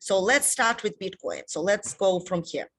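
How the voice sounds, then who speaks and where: A woman's voice: mid-range voice, expressive, normal speed, fairly bright tone, breathy edge. A woman with a Russian accent hosting a webinar talk show from a hotel room, enthusiastic and filler-heavy, voice a bit worn. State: losing her voice.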